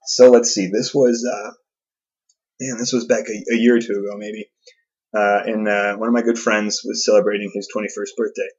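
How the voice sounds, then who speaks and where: A man's voice: on the low side, level tone, normal speed, breathy edge, highs cut off. A man hosting a podcast, telling a casual, self-deprecating story with many fillers and restarts. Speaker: podcast host.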